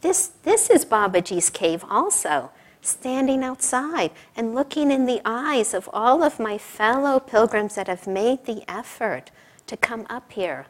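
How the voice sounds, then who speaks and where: Middle-aged woman, a bit higher-pitched, informal sermon speaker; chatty storyteller, quick to laugh. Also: lively intonation. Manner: chatty, laughing often, full of asides. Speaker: speaker at a spiritual service.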